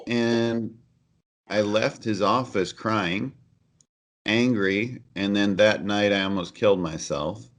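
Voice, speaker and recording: Deep-voiced man telling his story. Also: fairly even intonation, takes it slowly. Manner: earnest and candid, with frequent fillers and restarts. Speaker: podcast guest. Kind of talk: conversational storytelling.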